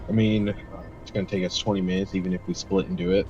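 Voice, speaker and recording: A man's voice: deep voice, level tone, quick pace. Man player, casual table talk, lo-fi sound, music behind.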